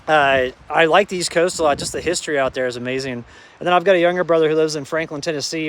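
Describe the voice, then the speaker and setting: On a rough recording, a man with a slightly high, fairly bright voice hosts an easygoing live stream from his rural off-grid property, greeting viewers by name as "brother." Wind noise and gusts fill the outdoor phone audio as he moves between the windy grounds and a camper.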